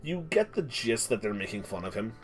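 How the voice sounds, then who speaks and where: A man with a lowish voice, wide pitch swings and a slightly quick pace runs a tabletop game as game master. He narrates scenes dramatically and asks players for rolls, telling the story in a vivid, descriptive way and restarting himself often.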